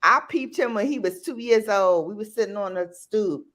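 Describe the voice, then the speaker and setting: A woman with a New York accent hosting a live stream, telling stories in casual, animated chat with loud playful outbursts. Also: mid-range voice, normal speed.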